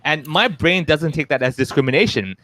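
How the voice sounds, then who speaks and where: A Hong Kong stand-up comedian with a brisk, rather high voice chats casually in an interview. He tells stories with lots of animation, acting out the voices of the people he quotes.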